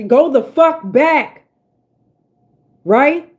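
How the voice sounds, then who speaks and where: A woman with a fairly high voice reads tarot in a loose, unscripted way. She is blunt and profane, and preaches at her listeners. She repeats lines to drive her point home. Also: expressive, measured pace, darkish tone. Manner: emphatic, repeats herself for weight. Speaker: tarot reader. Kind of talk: casual spiritual tarot reading.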